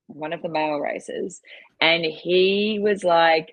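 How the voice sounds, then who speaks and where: An Australian woman with a fairly low voice chats her way through a story, laughing easily and leaning on "like" as she goes. The sound is close and dry, with no room around her. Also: normal speed, fairly bright tone, dry recording. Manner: chatty storytelling, laughs often, says "like" a lot. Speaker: rowing and ski erg coach guest. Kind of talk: casual podcast chat.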